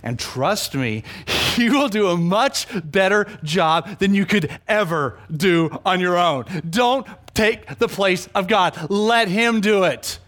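A man preaching a sermon, animated, swinging between loud emphasis and hushed asides, often repeating words for emphasis. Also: high voice, slow, few pauses. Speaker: pastor.

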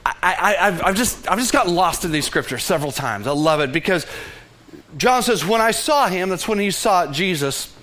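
Male pastor, high register, earnest sermon delivery that swings from loud to hushed. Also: animated, moderate pace. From Texas. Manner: earnest, stammering restarts, dramatic dips to near whisper.

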